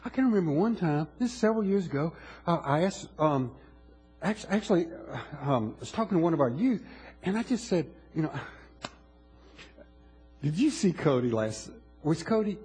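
A man's voice: fairly high pitch, expressive, fairly quick, darkish tone, slightly rough, faint music behind. A male pastor preaching a sermon in a conversational way, asking the congregation questions with frequent restarts.

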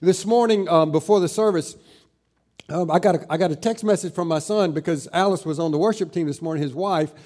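A middle-aged man preaching a sermon as pastor, slowing down and growing louder when he stresses scripture. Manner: slows down and rises in pitch and volume when stressing scripture.

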